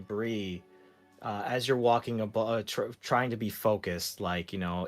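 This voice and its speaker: A man narrating as game master of a tabletop role-playing game, speaking in a hushed, measured way. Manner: slow, low and hushed when narrating, livelier in banter.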